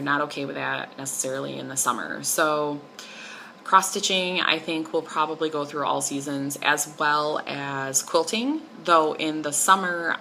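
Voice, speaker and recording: A woman's voice: low voice, vocal fry, pushed and bright, slight background noise, poor audio. A young woman chatting casually about her stitching projects in a rambling, enthusiastic way. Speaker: crafting vlogger. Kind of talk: casual chat.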